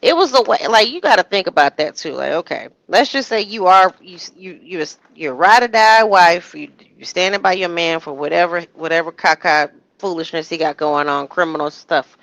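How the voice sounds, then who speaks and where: A woman chatting casually in commentary, animated, slipping into quoted voices with frequent restarts. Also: lowish voice, moderate pace, hardly any pauses, no echo, rough recording.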